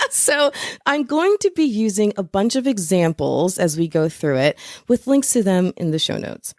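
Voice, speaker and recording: Podcast host, woman, lively swinging pitch, dry close-miked sound, chatty and quick to laugh at herself. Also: dry recording. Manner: chatty, laughs at her own asides. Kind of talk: solo podcast teaching episode.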